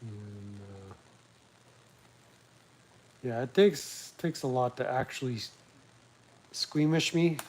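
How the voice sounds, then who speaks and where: A man's voice: medium pitch, animated, slow, long pauses, a little mellow, slight background noise, poor audio. A man casually hosting a live talk stream from home, rambling and crude with self-mocking humor. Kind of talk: casual chat. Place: at home, livestreaming from a laptop.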